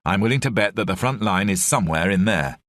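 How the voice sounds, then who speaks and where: Narrator doing a calm clipped young english officer, deep voice, dry sound. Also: male voice, fast, no echo. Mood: steady, commanding.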